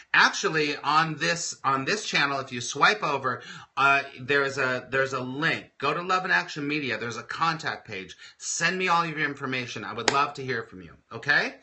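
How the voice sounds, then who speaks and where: A man's voice: on the high side, pushed and bright. A man hosting a live morning stream, chatting enthusiastically and reading out viewers' comments with fillers and laughs. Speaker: live morning show host and spiritual coach.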